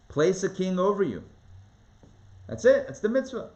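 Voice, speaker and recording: A man teaching a live Torah class, reading scripture aloud and acting out the voices in an animated, conversational way. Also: high-pitched. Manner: animated, dramatizes the text with rising voice and quick asides. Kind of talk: lively live online Torah lesson.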